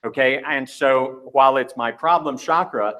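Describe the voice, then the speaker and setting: A man's voice: medium pitch, normal speed, a bit bright. A middle-aged man giving a playful, candid talk to a live conference audience, joking at his own expense. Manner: playful, candid, self-mocking. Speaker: conference speaker.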